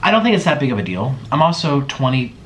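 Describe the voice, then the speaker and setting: A young man in his twenties chats casually at home while answering viewers' questions, his mid-pitched voice swinging theatrically between loud bursts and quiet asides. Faint room ambience sits behind him. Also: very animated, fast talker, slight background noise. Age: 20s. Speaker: mukbang host.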